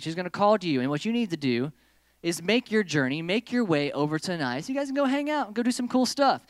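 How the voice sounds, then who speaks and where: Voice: medium pitch, very animated, quick pace, no room sound, studio quality. A youth group leader running a hands-on lesson in a meeting room, playfully giving stage directions to volunteers and the group.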